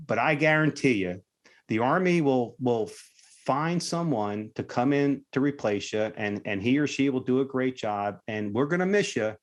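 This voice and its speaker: A man quoting a gruff, no-nonsense Army first sergeant who gives a young soldier plain, patient advice, in a slightly lower, softer voice. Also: lively intonation, moderate pace, natural voice. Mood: steady.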